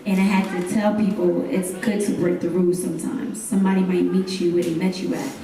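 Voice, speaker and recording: A woman's voice: fairly low pitch, level tone, brisk, far from the mic. Woman, young adult, spoken word poet, rhythmic refrains, call-and-response, heard from afar in a very echoey room. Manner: intense, rising into loud dramatic gasps and cries. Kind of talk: live spoken word poetry performance. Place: hotel event stage, live audience.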